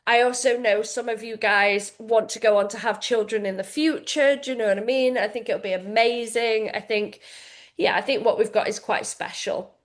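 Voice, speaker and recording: A woman's voice: on the high side, steady tone, moderate pace. A pregnant woman in her late thirties, a fitness coach talking frankly and casually to her community, swearing freely. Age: late 30s. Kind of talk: casual heartfelt talk to members.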